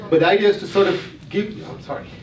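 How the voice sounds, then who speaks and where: Man presenting, slightly high voice, conversational, checks with listeners, echoey hall, mic far away. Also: fast, a crowd in the background. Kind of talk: explanatory talk to a retreat audience. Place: retreat hall. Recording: roomy hall, mic from a distance.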